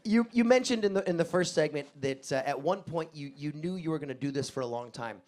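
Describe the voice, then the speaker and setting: A man interviewing a guest, asking questions haltingly and repeating words. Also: a little high, expressive, a little mellow.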